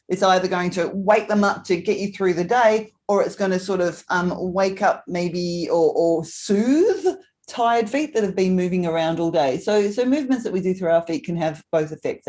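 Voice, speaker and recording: A woman's voice: medium pitch, darkish tone. Chatty Australian woman leading an online class. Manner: chatty, laughs often, greets people by name. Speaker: movement class instructor. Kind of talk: friendly live online class welcome. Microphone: video call.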